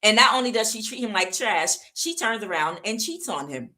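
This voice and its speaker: A woman's voice: medium pitch, animated, moderate pace, bright, forceful tone. A woman giving a casual, chatty tarot reading, emphatic and full of fillers. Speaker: tarot reader.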